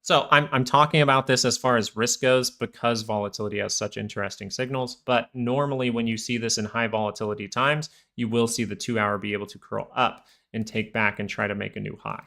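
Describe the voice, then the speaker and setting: A man's voice: fairly low pitch, steady tone, brisk, gravelly, few pauses, sharp tone. A young man hosting a live stock market stream, rambling through casual chart commentary full of fillers and goofy asides.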